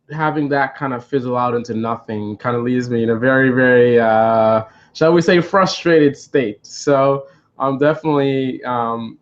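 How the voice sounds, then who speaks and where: Man, mid-pitched, meandering storytime delivery full of ums and restarts, slightly dull lo-fi sound. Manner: rambling, hesitant, many fillers and restarts. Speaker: vlogger on a live stream. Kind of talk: storytime monologue.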